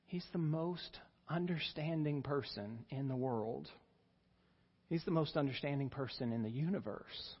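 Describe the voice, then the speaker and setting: A man preaching in a church sanctuary, his fairly high voice slow and unhurried. He speaks with earnest emphasis, and the slightly husky sound carries a long hall reverb on a dull, muffled recording. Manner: earnest, rises in pitch and volume for emphasis. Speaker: pastor. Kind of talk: sermon.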